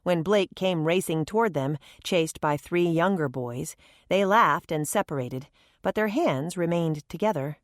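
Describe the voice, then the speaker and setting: A woman narrating an audiobook in a measured, gentle storytelling manner, recorded on a close studio mic. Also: fairly low pitch, dry recording. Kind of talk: scripted narration.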